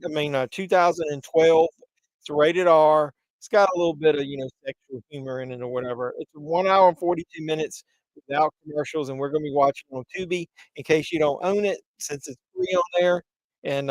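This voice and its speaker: A man's voice: on the high side, dry recording, rough recording. A man hosting a casual movie livestream, rambling and chatty with lots of fillers, a bit congested from pollen. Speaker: livestream host.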